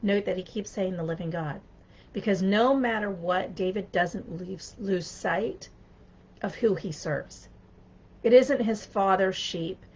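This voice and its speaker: A woman's voice: medium pitch, a little slow, a little mellow, husky, low-quality recording. A woman giving an earnest, conversational devotional talk, reading scripture and speaking directly to her listeners. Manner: earnest, conversational, with frequent restarts. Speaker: motivational speaker.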